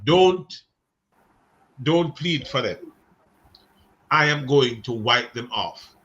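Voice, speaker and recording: A man's voice: medium pitch, lively intonation, takes it slowly, a bit bright, lo-fi sound. A man voicing God as a stern, fed-up deity in a blunt, dismissive tone while teaching a Bible class. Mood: exasperated.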